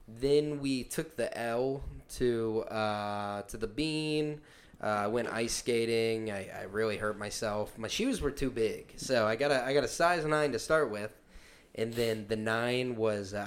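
Man, mid-pitch, hesitant, halting podcast chat. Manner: hesitant, full of fillers and restarts. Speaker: podcast co-host. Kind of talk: casual chat.

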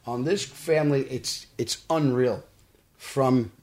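A man's voice: mid-range voice, takes it slowly, darkish tone. Earnest New man telling stories. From Brooklyn, New York. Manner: earnest storyteller, acts out quotes. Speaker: actor guest. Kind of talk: casual podcast interview. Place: studio.

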